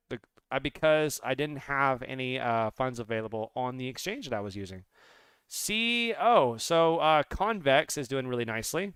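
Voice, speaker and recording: Smooth excitable man talking charts. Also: medium pitch, dry recording. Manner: excitable, rambling, talks straight to viewers. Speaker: crypto trader and channel host. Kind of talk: live chart analysis.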